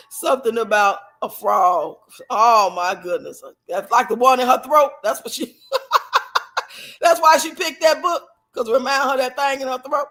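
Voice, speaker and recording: A woman's voice: a little high, normal speed, a bit bright. A woman in her fifties hosting a casual commentary vlog, sassy and profane, laughing often as she reads chat comments. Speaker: channel host.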